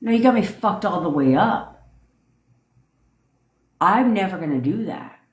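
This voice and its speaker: A woman's voice: mid-range voice, expressive, a little slow. A young woman coaching on a livestream, ranting in a blunt, profane, emphatic way. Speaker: manifestation coach. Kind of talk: livestream rant. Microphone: phone. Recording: echoey room.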